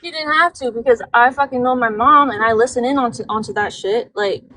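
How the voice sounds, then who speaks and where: A woman's voice: on the high side, fairly quick, pushed and bright. A woman venting on a livestream, rambling and emphatic, heavy with swearing. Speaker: livestream guest. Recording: noisy background.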